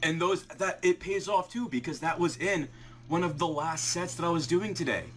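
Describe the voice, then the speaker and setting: Young man in excited gamer chatter. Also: on the high side, normal speed, soft background music. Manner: ecstatic shouting and laughing, breathless disbelief; quiet muttered counting. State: shaking with excitement, heart racing. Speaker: shiny hunting video creator. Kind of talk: excited live reaction vlog.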